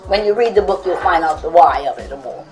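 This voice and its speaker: A woman's voice: lowish voice, animated, a little fast, a little mellow, poor audio. A woman reading her own book aloud with commentary, chuckling often between lines.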